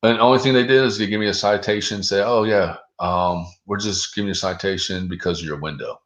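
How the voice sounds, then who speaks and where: A man's voice: on the low side, steady tone, fast talker, fairly bright tone. A man, the guest on an interview show, telling a long story in a loose, profane way, full of 'dude' and 'like'. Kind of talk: casual storytelling.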